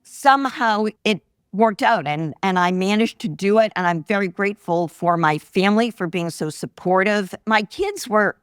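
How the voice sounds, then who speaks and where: A woman in her sixties speaks at medium pitch and normal speed, barely pausing, her tone clear and resonant on a dry recording. She is an investor guest on a live podcast, spinning animated personal anecdotes and acting out quoted voices. An audience laughs along in the background.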